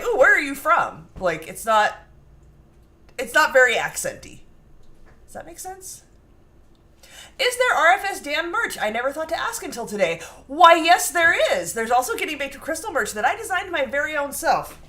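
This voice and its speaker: A woman's voice: high-pitched, bright, forceful tone. A woman co-hosting a baking live stream, chatting casually and reading viewer comments aloud with lots of restarts.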